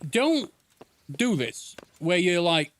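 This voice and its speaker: A man's voice: high-pitched, sing-song, takes it slowly. A man streaming a video game, chatting casually, joking and swearing as he calls out to the characters. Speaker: gaming streamer. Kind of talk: casual let's-play commentary.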